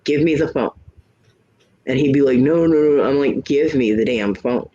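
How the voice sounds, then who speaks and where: A man's voice: mid-range voice, moderate pace, dark tone, slightly rough, dull audio. A man telling a story in casual chat, frank and blunt, acting out both sides of the arguments he describes. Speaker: hangout host.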